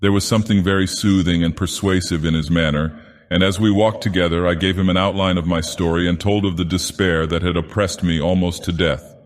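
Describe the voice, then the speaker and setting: A man reading a storybook tale in the voice of an ancient, brooding male god-villain, with slow, grave, dramatic delivery. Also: deep voice, steady tone, natural voice. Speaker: narrator. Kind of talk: scripted storybook narration. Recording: long reverb.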